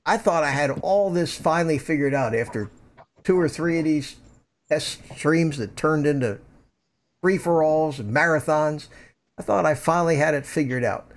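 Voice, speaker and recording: An older man hosts a casual live stream from home, rambling and repeating words into a desk microphone that runs through a USB mixer. His voice is fairly high-pitched and he speaks at a normal speed.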